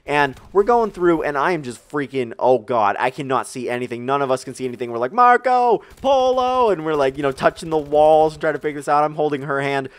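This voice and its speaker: A young man telling a story in a casual, animated way, full of "like" and "you know". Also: mid-range voice, fast talker, hardly any pauses, dry recording. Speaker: vlogger.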